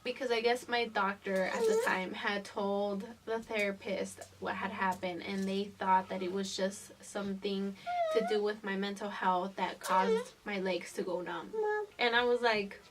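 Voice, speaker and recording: Young woman vlogger, twenties, mid-pitch voice, casual storytime with lots of swearing, sitting a bit back from the camera mic. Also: fairly even intonation, measured pace, recorded from a distance, noisy background. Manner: casual and profane, laughing through the story.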